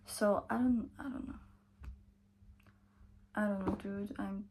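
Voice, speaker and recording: A young woman talks through a reading vlog in a casual, chatty way. She sounds tired and takes her time, drawing out her words at an easy, slow pace. Every so often she drops her voice to a whisper. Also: medium pitch, fairly even intonation, background noise. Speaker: book vlogger.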